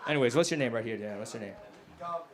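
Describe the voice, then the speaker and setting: A male stand-up comedian doing a crude, self-mocking set, dropping to low mumbles and then bursting out loud. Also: expressive, very fast. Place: comedy club stage. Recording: live club recording with noticeable background noise. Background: audience laughter.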